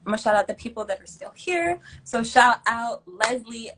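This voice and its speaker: A young woman hosting a casual livestream, giving emphatic, slangy shout-outs and thanks to her viewers. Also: on the high side, lively intonation, normal speed, background noise. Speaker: livestream host.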